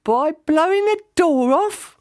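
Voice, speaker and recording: A worried eleven-year-old boy, as a man puts him on for a storybook, his voice lifted well above the reader's own. He pleads and insists in a sharp, high tone. The sound is close and completely dry. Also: lively intonation, slow pace, no room sound, full character voice. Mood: anxious, insistent.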